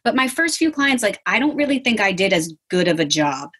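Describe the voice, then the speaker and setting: A woman dietitian talking casually as an interview guest, animated and acting out what her clients say. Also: medium pitch, a little fast, breathy edge. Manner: animated, acts out quotes of clients.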